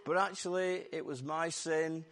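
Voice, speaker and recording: A man with a Lancashire accent preaching a lively, jokey Easter sermon to his church while his voice goes hoarse. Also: on the high side, a little slow. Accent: Lancashire English. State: voice going hoarse. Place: church service.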